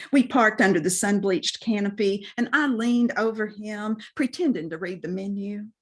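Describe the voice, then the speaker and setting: A woman with a Southern US accent reading her own poem aloud over a video call, savoring each line. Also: fairly high pitch. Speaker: poet. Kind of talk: poetry reading.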